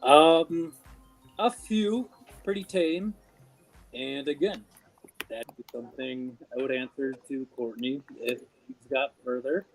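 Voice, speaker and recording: A man answering as a game contestant, halting and deadpan in his jokes. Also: mid-range voice, faint music behind, rough recording. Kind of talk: casual banter.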